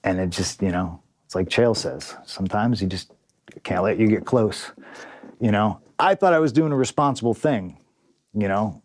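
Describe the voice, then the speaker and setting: Blunt, profane man with a low voice. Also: normal speed, no echo. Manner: acts out quoted dialogue. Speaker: interview guest, pro wrestler. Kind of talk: candid storytelling in an interview.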